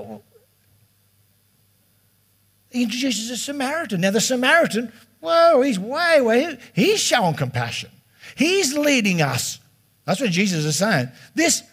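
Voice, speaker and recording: A man's voice: very high-pitched, fairly bright tone, husky. A middle-aged man preaching a sermon as pastor in a chatty, conversational way. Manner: chatty and conversational, slipping into quoted voices.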